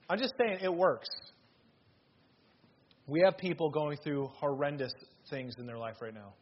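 Husky-voiced man preaching earnestly. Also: a little high, lo-fi sound. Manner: earnest, emphatic preaching with sudden loud bursts. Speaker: pastor. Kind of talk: sermon.

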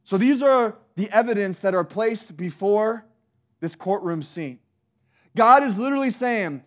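A man preaching a sermon in an animated, emphatic way, with many rhetorical questions. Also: high-pitched, unhurried.

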